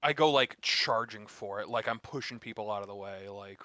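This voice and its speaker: A man playing a tabletop game, describing his character's actions in an excited, rambling way. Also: lowish voice, a little fast. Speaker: player. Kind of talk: casual tabletop play.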